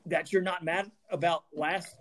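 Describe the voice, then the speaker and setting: A man's voice: on the high side, fairly even intonation, unhurried. A man, co-hosting a podcast and delivering a heated, emphatic sports rant full of stammered restarts. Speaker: podcast co-host.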